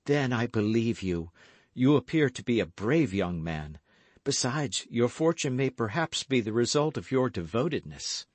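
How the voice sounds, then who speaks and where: A man's voice: medium pitch, animated, a little slow, dry recording. A man voicing an anxious, frightened young Frenchwoman in an audiobook reading, speaking urgently and pleadingly.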